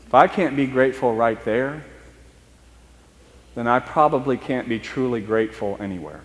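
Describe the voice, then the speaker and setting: A man preaching a storytelling sermon, talking in a conversational, halting way and slowing down for emphasis. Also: medium pitch, expressive, long reverb tail. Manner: conversational, halting restarts, speeds up and slows for emphasis. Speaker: priest. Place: church.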